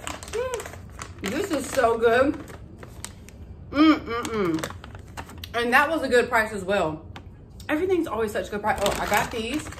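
A woman, chatting excitedly to her viewers in a casual haul vlog. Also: a little high, slight background noise. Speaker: vlogger.

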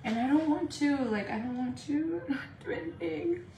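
A woman's voice: high-pitched, normal speed. A woman from California doing a casual makeup livestream, chatty and profane, laughing often and slipping into Spanish. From Indio, California. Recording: echoey room with faint noise.

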